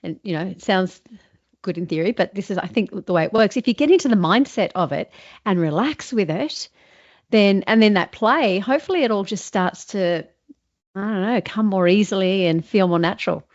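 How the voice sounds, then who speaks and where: A woman's voice: mid-range voice, expressive, moderate pace. A woman host and voiceover artist chatting casually and reflectively about practising an accent. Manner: chatty, reflective, lots of fillers and restarts. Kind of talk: casual chat. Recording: slightly dull lo-fi recording.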